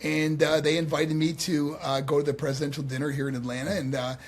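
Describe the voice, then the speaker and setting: A man with a somewhat husky voice tells stories as a podcast guest, animated and full of fillers and restarts. His voice sits a little high for a man. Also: fast talker. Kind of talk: casual interview storytelling.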